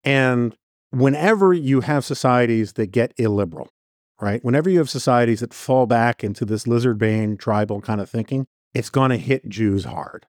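A man's voice: medium pitch, normal speed, no room sound. Man, podcast guest, earnest, long run-on sentences, dry studio sound. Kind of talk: conversational commentary.

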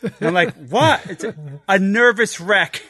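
A man co-hosting a podcast, telling animated stories in casual banter and laughing often. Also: high-pitched, moderate pace. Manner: animated storyteller, giggly. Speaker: podcast co-host.

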